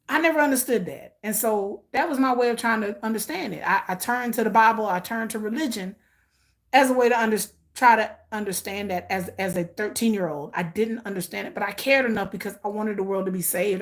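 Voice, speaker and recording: A woman, talking casually to viewers, telling stories and acting out quotes. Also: mid-range voice. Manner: animated storytelling, acts out quotes. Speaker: commentary vlogger.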